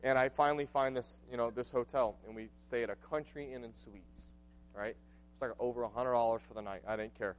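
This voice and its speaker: A pastor in his late twenties preaches a sermon in an earnest, conversational way, telling a personal story with frequent asides. His medium-pitched voice holds a steady tone and moves a little fast.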